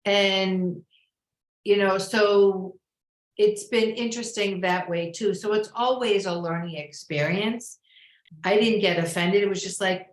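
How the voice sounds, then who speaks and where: Slow, thoughtful woman in an echoey room. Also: lowish voice. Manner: slow, thoughtful, searching for words. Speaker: life coach and podcast guest. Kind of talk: casual interview conversation.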